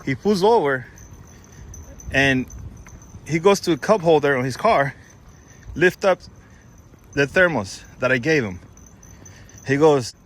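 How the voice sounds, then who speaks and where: A man's voice: a little high, lively intonation, slow, pauses often. A man casually telling a story to camera, rambling and correcting himself as he goes, raising his voice when he quotes others.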